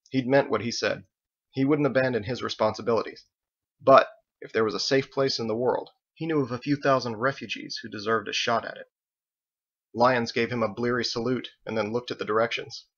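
A man reading his own novel aloud in measured audiobook narration, in a dull lo-fi recording. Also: fairly low pitch, steady tone, fairly bright tone. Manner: measured storytelling.

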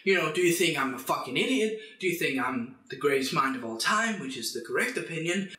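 A young man hosting a comedic, profane rant, swearing constantly and bursting into shouts. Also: a little high, animated, brisk, few pauses. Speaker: channel host. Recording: echoey room.

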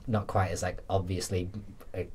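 Man, podcast host, very low voice, husky, rambling, self-deprecating. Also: level tone, moderate pace. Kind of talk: casual film chat.

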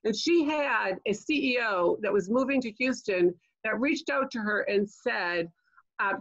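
Chatty older woman with a gravelly voice. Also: on the high side, lively intonation, unhurried, a bit bright, highs cut off. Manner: chatty, keeps asking "okay?" and "right?"; jokey asides. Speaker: LinkedIn trainer. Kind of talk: online training webinar. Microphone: video call.

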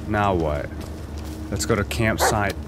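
A man doing let's play commentary, loud and cursing as he yells at the game. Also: on the low side, slow, heavy background noise. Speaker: gaming video host. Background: game music and sounds.

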